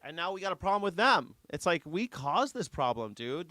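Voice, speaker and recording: A man's voice: fairly high pitch, very animated, normal speed, few pauses, sharp tone, no room sound. A man hosting a live news reaction show, sarcastic, jokey and profane in casual commentary.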